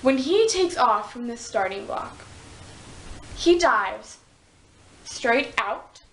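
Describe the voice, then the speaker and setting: A young woman with a high voice, speaking as a guest in a casual chat. She sounds enthusiastic and keeps agreeing quickly. Her voice echoes in the room over a faint hiss. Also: expressive, a bit bright.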